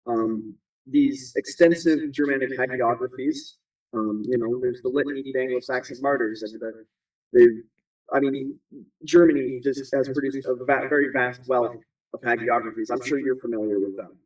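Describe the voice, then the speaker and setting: A man's voice: medium pitch, steady tone, moderate pace, a little mellow. Man, interview guest, casual rambling talk, lots of fillers, distant mic. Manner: rambling, many fillers and restarts. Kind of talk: conversational interview.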